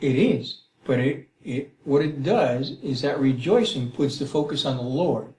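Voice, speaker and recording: A middle-aged man teaching the Bible in a conversational way, animated and acting out prayers, often checking in with "Okay?" and "Right?". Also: medium pitch, measured pace. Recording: roomy echo.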